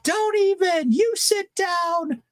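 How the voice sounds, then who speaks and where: A man mimicking his brother-in-law yelling back defensively in a strained high voice. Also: slow pace, dry recording, studio quality, soft background music, exaggerated voice. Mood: exasperated. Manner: exasperated yelling. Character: defensive adult man arguing back, exasperated.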